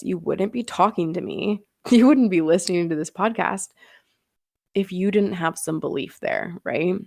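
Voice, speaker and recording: Gravelly-voiced woman coaching with emphasis. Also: fairly low pitch, darkish tone, no echo, clean studio sound. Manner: earnest, emphatic, laughs often. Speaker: podcast host and business coach. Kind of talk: casual podcast monologue.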